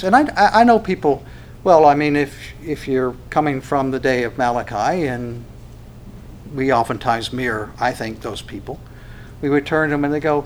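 A man preaching a sermon, animated, acting out quoted dialogue with frequent restarts. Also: mid-range voice, normal speed, slight background noise. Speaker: pastor.

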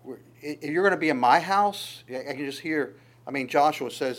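A man preaching a sermon, lively and conversational, often stammering on repeated words and acting out quoted voices. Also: a little high, moderate pace. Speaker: pastor.

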